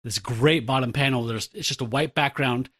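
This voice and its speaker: A man's voice: mid-range voice, moderate pace, a bit bright, husky, no room sound, studio quality. A male podcast co-host chatting casually about a comic, adding wry asides. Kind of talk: casual comic-book discussion.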